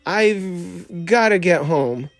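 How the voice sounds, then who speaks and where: A man reading aloud puts on a spunky young cowgirl doll from a storybook, her voice pushed up high and full of exclamations. The delivery is close and dry, taken at a slow reading pace. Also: no echo, faint music behind, heavily acted. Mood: polite. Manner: excited, exclaiming.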